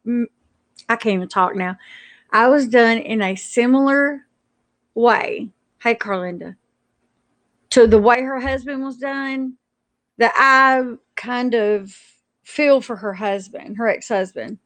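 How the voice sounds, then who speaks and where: A woman with a fairly high voice rants indignantly on a live stream. She stumbles and restarts her sentences as she goes. The sound is close and dry, with no room around it. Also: slow pace, long pauses, a bit bright, no room sound.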